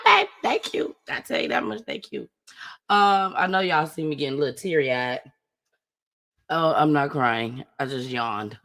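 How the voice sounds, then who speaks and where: A woman's voice: low voice, pushed and bright. A woman hosting her own show, chatting casually and emphatically as she reacts to news clips. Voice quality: emphatic, repeats phrases for emphasis. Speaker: commentary show host. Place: home studio with green screen.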